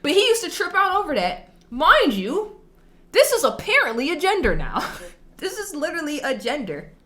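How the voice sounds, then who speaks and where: A woman hosting a reaction video, chatting casually and telling a story in an animated, slangy, emphatic way. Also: high-pitched, normal speed.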